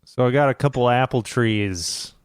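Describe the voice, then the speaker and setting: A man's voice: medium pitch, moderate pace, smooth, no echo, clean studio sound. A man chatting laid-back on a podcast, swearing and laughing casually. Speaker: podcast co-host. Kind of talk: casual chat.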